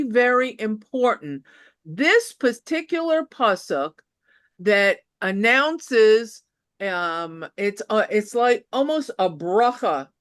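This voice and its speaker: A woman Bible teacher explaining a scripture chapter in a deliberate, emphatic way, stressing the points that matter. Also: a little high, a bit bright, smooth, dry recording, clean studio sound.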